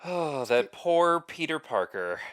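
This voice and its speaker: A man co-hosting a podcast, chiming in with playful, expressive interjections. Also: a little high, slow pace. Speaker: podcast co-host. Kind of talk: casual podcast chat.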